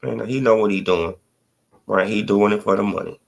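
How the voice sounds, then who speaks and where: Speaking at a moderate pace, this livestream host has a lowish voice with vocal fry. He gives casual boxing commentary full of slang, cursing and filler, rambling on with lots of "bro" and "man."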